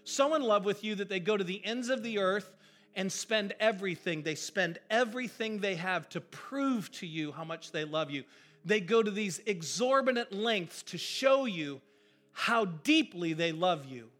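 A male pastor preaching a sermon in an animated, emphatic, conversational way. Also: high voice, moderate pace.

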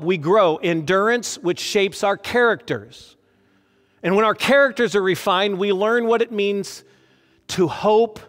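A man preaching a sermon as a pastor, earnest and emotional, with lively emphasis. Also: sits high. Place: church hall. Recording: long hall reverb.

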